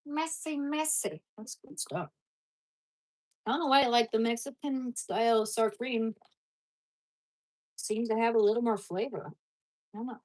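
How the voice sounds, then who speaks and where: A woman vlogger with a husky, breathy, fairly high voice chats casually while eating, speaking a little slowly with long pauses. Between bites she keeps turning to her dogs, sweetly apologizing and coaxing them.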